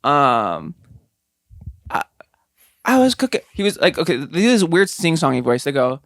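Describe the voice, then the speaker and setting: A man's voice: a little high, moderate pace, dry recording, studio quality. A man co-hosting a casual comedy podcast, rambling with lots of fillers. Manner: rambling, filler-heavy, animated. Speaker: podcast co-host.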